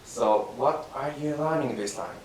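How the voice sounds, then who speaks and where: A man's voice: medium pitch, a little slow, a little mellow, recorded from a distance, voice pushed down, lightly acted. A man voicing an exasperated male friend who scolds and mocks his hapless companion, in rakugo storytelling. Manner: chiding, exasperated. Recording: very echoey room from afar, faint hiss.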